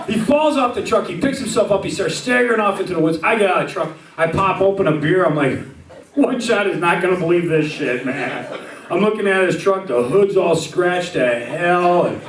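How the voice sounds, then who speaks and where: A man's voice: fairly high pitch, background noise. A man telling crude comic stories to a live crowd on a handheld mic, chuckling through his own jokes. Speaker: comedic performer. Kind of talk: live comic storytelling to an audience. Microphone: handheld microphone. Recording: echoey, distant, over loud guitar music.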